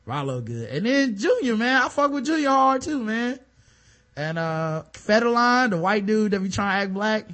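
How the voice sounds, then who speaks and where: Casual chat from a man co-host with a high-pitched voice. He talks in animated bursts, full of fillers, and slips into impressions as he tells stories. He sounds loose and excited. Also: moderate pace. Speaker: podcast co-host.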